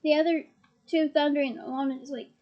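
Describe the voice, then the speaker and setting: A woman's voice: high voice, steady tone, brisk, dull audio. A woman reading a fantasy novel aloud, narrating steadily and with expression. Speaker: reader.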